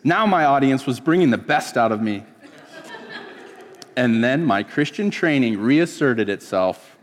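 A man's voice: mid-range voice, lively intonation, measured pace, long reverb tail. A man from California preaching a sermon, telling stories and acting out the voices of people he quotes. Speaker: pastor.

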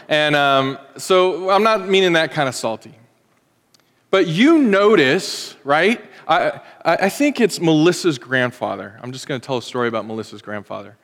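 A man's voice: on the high side, expressive, a little slow, fairly bright tone, in a large hall. A man in his forties preaching a sermon, conversational and joking, speaking as a pastor to his congregation.

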